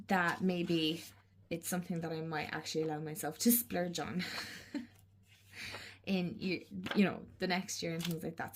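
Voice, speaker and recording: Casting: young woman, lower voice, rambly home vlogger, light background hiss. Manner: chatty, rambling, often laughing and whispering. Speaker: journaling channel host. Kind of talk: casual chat to camera.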